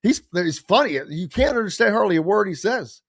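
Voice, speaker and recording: A man's voice: high-pitched, fairly quick, no room sound, studio quality. A man hosting a sports radio show, chatting casually and animatedly and slipping into voices and impressions. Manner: animated, does voices and impressions while talking.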